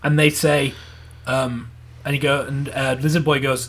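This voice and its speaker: A man's voice: medium pitch, flat delivery, a bit bright, a little hiss or hum. A man co-hosting a casual review podcast, rambling through a plot recap full of "like" and acting out character lines. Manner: acts out character lines in quick voices. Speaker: podcast co-host. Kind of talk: casual anime review chat.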